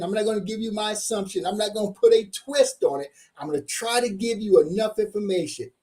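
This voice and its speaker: Hyped-up tax coach man, high voice. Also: dark tone. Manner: hyped-up, repeats "okay?" often. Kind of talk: live-streamed seminar talk.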